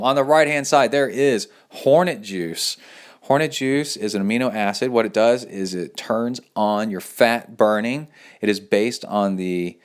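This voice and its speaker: A man's voice: lowish voice, clean tone. A man hosting his own endurance podcast, telling rambling stories, acting out quoted voices and laughing often. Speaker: podcast host and coach. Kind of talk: casual solo podcast chat.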